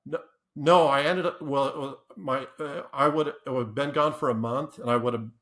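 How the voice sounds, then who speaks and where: This podcast guest speaks at normal speed in a steady, slightly bright mid-range voice. He tells casual stories in a rambling way, restarting and laughing a lot, and acts out quoted lines.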